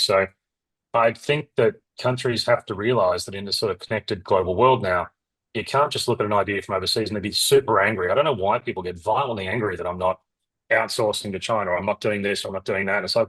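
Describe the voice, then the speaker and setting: A middle-aged Australian man, a company founder, talking in a rambling, animated way with lots of restarts and asides in an interview. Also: lowish voice, slightly rough, no room sound, poor audio. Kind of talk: casual interview talk.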